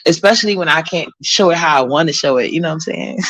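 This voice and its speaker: A woman's voice: sits low, fast talker, a bit bright, no echo. A woman from Harlem, chatting casually as a vlogger and reading viewer comments in a blunt, rambling way. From Harlem, New York. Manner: blunt, profane, rambling with many fillers.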